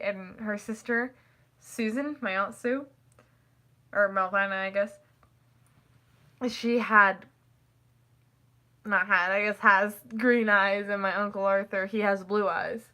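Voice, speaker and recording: A teenage girl chatting casually to the camera, rambling and packing her talk with "like" and quick laughs. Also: medium pitch, steady tone, pushed and bright. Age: teens. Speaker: vlogger.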